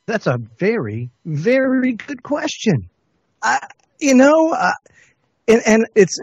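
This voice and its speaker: A man co-hosting a casual online radio talk show, talking in halting bursts with many restarts. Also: sits high, slightly rough, no echo. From United States. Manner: halting, many restarts, reads letters aloud. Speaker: co-host.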